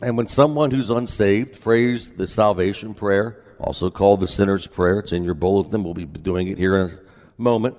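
A man pastor preaching a sermon in a relaxed, conversational way with folksy asides, in a church sanctuary. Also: lowish voice, moderate pace, long reverb tail.

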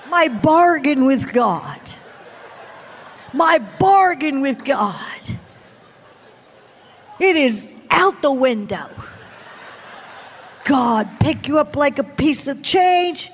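High-voiced woman preacher, dramatic testimony. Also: lively intonation, extremely slow, long pauses, some chatter behind, a little hiss or hum. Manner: dramatic storytelling, acting out voices, shouting and whispering by turns. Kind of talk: testimony sermon. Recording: long hall reverb. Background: audience.

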